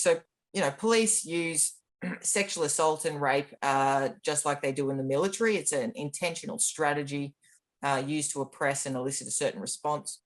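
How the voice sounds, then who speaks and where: A man speaks as an interview guest, recounting his own experiences. His delivery is candid and matter-of-fact. He pauses on frequent ums and restarts his sentences as he goes. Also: a little high, fairly bright tone. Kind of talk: personal storytelling in an interview.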